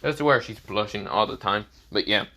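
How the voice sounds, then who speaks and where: A man casually retelling a fan story, halting, with many fillers and self-corrections. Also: lowish voice, sharp tone. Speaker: narrator.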